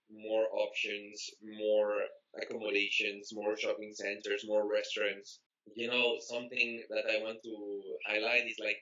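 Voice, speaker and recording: Spanish-accented male guest, Spanish native speaker, bright tone, loose rambling delivery with fillers, lo-fi audio. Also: on the low side. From Spain. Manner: rambling, many fillers and restarts. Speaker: interview guest. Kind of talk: casual interview chat. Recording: dull lo-fi recording.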